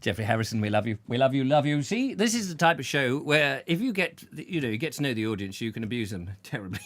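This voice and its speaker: A man's voice: medium pitch, sing-song, fast, a bit bright, a little hiss or hum. A man hosting a casual chat show, joking and rambling through anecdotes. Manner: chatty, jokey, rambling anecdotes with put-on voices. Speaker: host.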